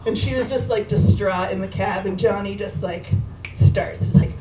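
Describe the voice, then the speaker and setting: A woman telling a personal story to an audience at a live gathering, lively and laughing, swearing freely. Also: mid-range voice, normal speed. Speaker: speaker at a memorial gathering. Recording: roomy echo, distant mic, crowd noise.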